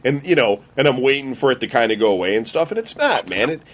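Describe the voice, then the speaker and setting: Man, lively pitch, animated storyteller, casual talk show host. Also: fast, husky. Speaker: podcast host. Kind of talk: casual chat.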